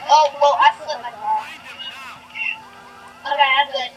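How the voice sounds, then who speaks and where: A young woman hosting a casual gaming session with a friend, excitable and giggly, often pleading to be waited for. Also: sits high, measured pace, lo-fi sound. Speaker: gameplay host. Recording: distant mic with faint noise.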